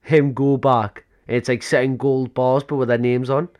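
A man's voice: medium pitch, little pitch movement, normal speed, a little mellow. A young man co-hosts a casual podcast, rambling through stories. He acts out other people's lines as he goes and laughs often. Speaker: podcast co-host. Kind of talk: casual chat.

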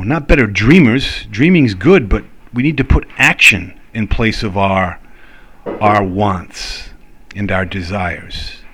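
A middle-aged man with a lowish voice chatting in a loose, rambling vlog monologue. He fills his sentences with "uh" and "you know" and chuckles between thoughts. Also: a bit bright, breathy edge. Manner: rambling, filler-heavy, chuckling. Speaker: vlogger. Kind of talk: casual monologue.

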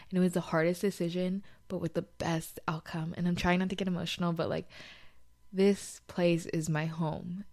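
A young woman with a fairly low, warm voice hosts a casual solo podcast from a small bedroom. She's chatty and confessional and fills her speech with lots of "like."

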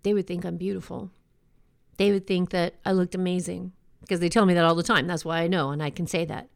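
A woman hosting a show, giving an earnest, reflective motivational talk in a conversational way, slowing down to stress key words. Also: lowish voice, fairly even intonation, vocal fry. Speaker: podcast host.

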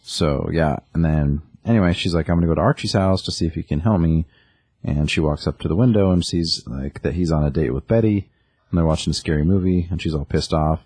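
A man's voice: very deep voice, a little fast, a little mellow, breathy edge, no echo. A man co-hosting a podcast, casually retelling a comic's plot with lots of ums and likes. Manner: rambling plot recap with many ums and likes. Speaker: podcast co-host. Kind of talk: casual comic book chat.

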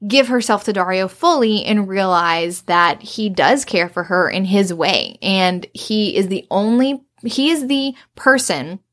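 A woman's voice: medium pitch, expressive, measured pace, hardly any pauses, fairly bright tone. A woman in casual conversation, animatedly retelling a story, acting out quoted lines and swearing freely. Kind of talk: casual book discussion.

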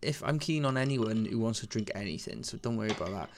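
A man's voice: on the low side, lively intonation, fast talker, a crowd in the background. A man co-hosting a podcast, joking and swearing freely in casual, boozy banter after a few drinks. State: has been drinking. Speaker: podcast co-host.

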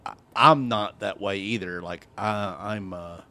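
A man with a lowish voice chats on a podcast in a loose, curious way. He asks questions and fills his sentences with "like" and "you know". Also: unhurried, pushed and bright. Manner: inquisitive, filler-heavy with frequent "like". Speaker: podcast co-host; shift worker on night shifts. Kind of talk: casual chat.

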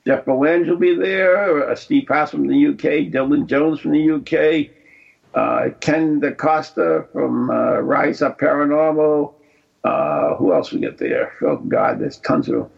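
Brief: husky, gravelly male co-host, rambling with fillers, muffled lo-fi recording. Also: on the high side. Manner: rambling, halting with many fillers. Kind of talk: casual chat. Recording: dull lo-fi sound.

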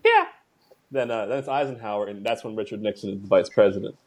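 A man's voice: fairly low pitch, quick pace. A man co-hosting a podcast in casual chat, laid-back and rambling with some swearing. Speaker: podcast co-host.

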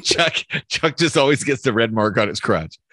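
Casting: jokey man with a lively, bouncing pitch, recorded dry. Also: moderate pace, no room sound. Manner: teasing, jokey, swears. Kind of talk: casual banter.

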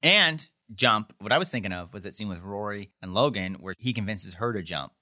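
A man co-hosting a podcast talks briskly in a fairly low voice that sounds pushed and bright. Expressive and meandering, he recaps a TV episode casually, peppering it with "like" and acting out lines.

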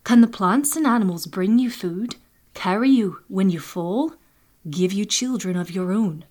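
Woman reading as a hushed caring grandmother. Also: medium pitch, a little slow, lightly acted. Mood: tender. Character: older woman storykeeper, caring grandmother, worried.

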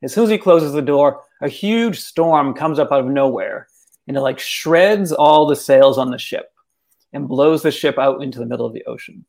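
A man, an author and guest, telling a folk tale in casual conversation, animated and full of "like.". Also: mid-range voice, moderate pace. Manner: animated, casual, many fillers like "like". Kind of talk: storytelling in conversation.

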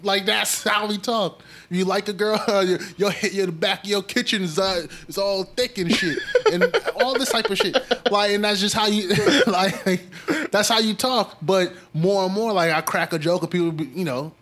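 A young man from Brooklyn, telling stories in a slangy, animated casual chat. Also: high voice, moderate pace. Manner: animated storyteller, slangy, acts out quotes.

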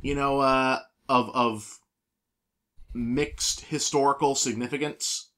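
A man's voice: mid-range voice, steady tone, takes it slowly, fairly bright tone. A man co-hosting a podcast in casual chat, easygoing and often repeating words as he talks. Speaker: podcast co-host.

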